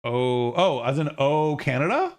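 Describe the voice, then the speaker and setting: Excitable rambling male streamer. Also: unhurried. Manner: rambling and excitable, jumping into high squeals and mock outrage; swears freely, trails off into low mumbles. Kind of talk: casual livestream chat while gaming.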